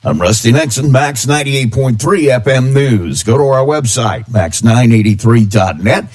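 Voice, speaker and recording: A man reads a local radio news bulletin. His pitch sits in a middling range, and he keeps a steady, even newsreader delivery from item to item. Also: moderate pace.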